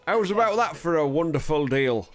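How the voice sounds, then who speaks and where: A man's voice: fairly high pitch, animated, normal speed, voice pushed up, lightly acted. A man voicing a chatty Yorkshire pig farmer who swears cheerfully and talks bluntly, over background music. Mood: gleeful.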